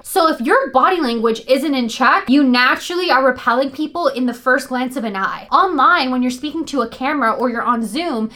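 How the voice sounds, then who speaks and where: A young woman with a high-pitched voice gives upbeat, emphatic advice straight to camera as the channel host. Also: pushed and bright.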